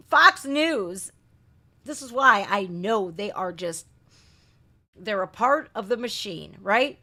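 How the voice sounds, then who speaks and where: A woman's voice: a little high, lively intonation, slow pace, long pauses, bright, forceful tone. A woman hosting a live reaction stream, ranting indignantly with swearing and rhetorical questions. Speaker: reaction channel host. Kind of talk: heated live commentary.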